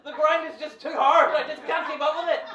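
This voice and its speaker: A man's voice: very high-pitched, steady tone, fairly quick, bright, forceful tone, roomy sound, recorded from a distance, dull audio, pitched above the performer's own voice. A man voicing a burnt-out male house cat in a frantic, overwrought way, in a stand-up bit. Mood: despairing.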